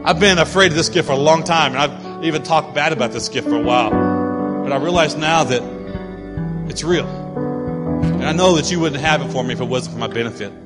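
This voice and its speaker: A man's voice: fairly high pitch, brisk. A man preaching as a pastor, telling a story and acting out the voices of the people in it. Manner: animated, acts out voices of people in his stories. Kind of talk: sermon with storytelling. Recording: long hall reverb with loud music behind. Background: musicians playing.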